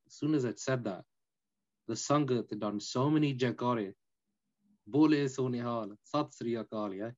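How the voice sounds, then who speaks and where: Man, podcast guest, storytelling, emphatic and chatty, mid-low voice, lo-fi dull recording. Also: moderate pace. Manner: animated, emphatic, peppered with "innit" and "you know". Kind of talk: casual storytelling chat.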